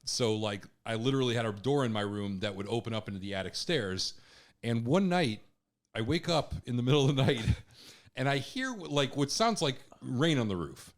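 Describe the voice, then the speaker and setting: A podcast co-host who tells stories with animated energy and keeps breaking into laughter as he talks. His voice sits at an ordinary middle pitch for a man, relaxed and conversational. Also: moderate pace. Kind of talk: casual chat.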